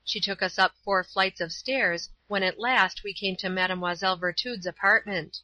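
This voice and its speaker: Bright-voiced woman reading a story. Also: mid-range voice, no echo. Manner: measured, clear narration. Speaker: narrator. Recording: slightly dull, dry.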